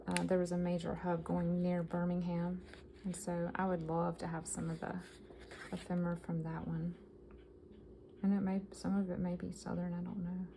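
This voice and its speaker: Brief: woman vlogger, low, gravelly voice, chatty show-and-tell of thrift finds, faint background noise. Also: completely flat delivery, normal speed, warm tone, rough recording. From American South. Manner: chatty and enthusiastic, reading items aloud. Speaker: vintage collector vlogger. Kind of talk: casual show-and-tell haul.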